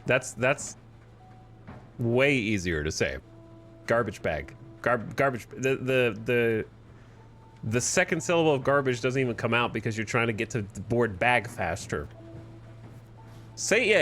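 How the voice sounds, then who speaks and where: A man from the United States giving casual, animated commentary as he streams a game and argues with his chat. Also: medium pitch, measured pace, soft background music. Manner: animated, argumentative, thinks aloud.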